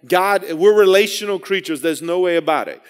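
A man's voice: high voice, normal speed, clean tone. A man preaching a sermon in an earnest way, often repeating and restarting his phrases and building to emphatic raised passages.

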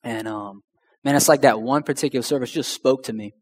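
A man's voice: medium pitch, fairly quick. Man, young adult, personal testimony, slangy, talks to the crowd, long hall echo. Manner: slangy and conversational, addresses the crowd directly. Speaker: speaker sharing a testimony.

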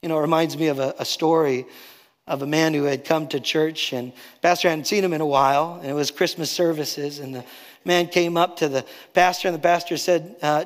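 A male pastor preaching a sermon, rising on key phrases and dropping soft and slow to drive points home. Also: a little high, fairly even intonation, long reverb tail.

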